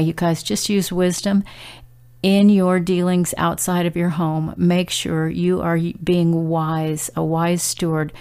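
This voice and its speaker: In a low, gravelly, somewhat dark voice, a middle-aged woman shares a casual devotional message. Earnest and conversational, she pauses on fillers and restarts sentences along the way.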